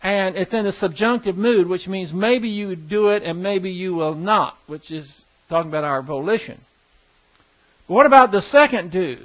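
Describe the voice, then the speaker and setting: Man, high voice, folksy Bible class teacher, muffled lo-fi recording. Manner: folksy, explanatory, asks the class questions.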